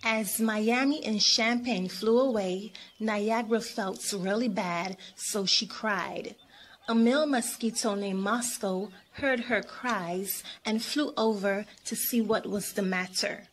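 A woman reading a children's story aloud in a clear, expressive way. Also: mid-range voice, takes it slowly, slight background noise.

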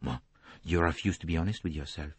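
A man reading an audiobook voices a fastidious middle-aged Belgian detective, precise and courteously relentless. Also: a bass voice, breathy edge, no echo, voice pushed down. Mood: gentle.

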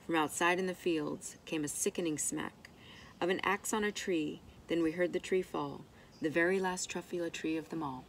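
A woman reading a rhyming picture book aloud in an expressive, rhythmic way. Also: lowish voice, moderate pace, a little hiss or hum. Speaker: storybook reader.

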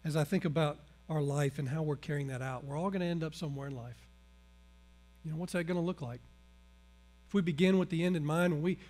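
Pastor type, man with a slightly high voice, preaching with loud, then hushed delivery. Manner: animated, swings from loud emphasis to hushed earnestness. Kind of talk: sermon.

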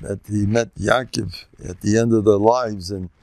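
Folksy older rabbi, dry close sound. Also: male voice, on the low side, measured pace, gravelly, no echo. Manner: folksy and joking, sprinkles Yiddish and Hebrew words; animated, jumps between teaching and banter. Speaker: rabbi giving a lecture. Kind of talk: informal Torah talk.

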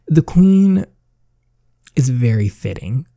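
A man's voice: lowish voice, mellow, slightly rough, dry recording, studio quality. A man giving playful, chatty commentary while reading through a story game. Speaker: gameplay video creator.

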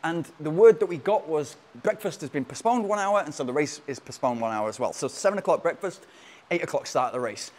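A man's voice: on the high side, a little fast. A man, a running coach, telling a long travel story in a casual, rambling way, often restarting his sentences. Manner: rambling and animated, with frequent restarts.

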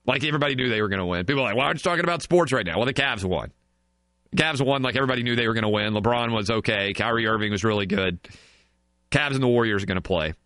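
A man's voice: lowish voice, racing, fairly bright tone, no echo. A man hosting a sports talk radio show, riffing sarcastically and in mock outrage.

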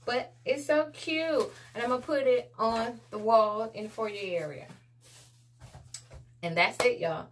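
Slow-talking chatty woman vlogger. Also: fairly high pitch, slight background noise. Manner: chatty, laid-back, talks to viewers as y'all. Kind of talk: casual haul vlog.

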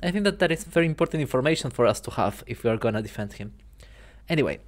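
A man's voice: medium pitch, expressive, very fast, soft background music. A man hosting a let's play, chatting casually and reading game dialogue aloud. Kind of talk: casual gameplay commentary.

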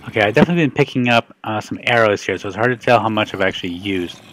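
A man with a fairly low voice talks his way through a video game, rambling and cracking jokes. He often restarts his sentences, and a faint hum of noise sits under his voice. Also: rapid-fire, fairly bright tone. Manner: rambling, joking, self-interrupting. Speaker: gaming video host. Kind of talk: casual gameplay commentary.

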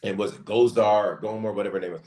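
A bishop preaching with impassioned, rising emphasis in a casual church talk. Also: male voice, lowish voice, fairly even intonation, very fast, darkish tone, reverberant.

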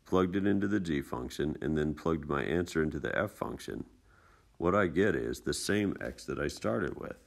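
A man teaching math in a casual screencast lesson, explaining steps in a relaxed, chatty way with folksy asides. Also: rumbling low, vocal fry. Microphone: tablet screencast mic.

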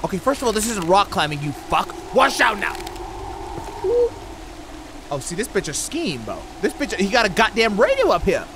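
High, wildly animated cursing gamer man. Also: fast talker, few pauses, noisy background. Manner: loud, cursing, incredulous rants. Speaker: gaming YouTuber. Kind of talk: profane let's-play commentary.

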